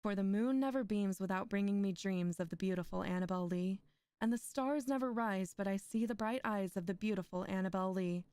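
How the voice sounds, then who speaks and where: A young woman reads poems aloud on a stream, slipping into chatty, laughing asides between them. Her voice is smooth and clear, mid-pitched, picked up close on a dry microphone with no room echo. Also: brisk, darkish tone. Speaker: streamer reading poetry aloud. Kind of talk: poetry reading with casual chat asides.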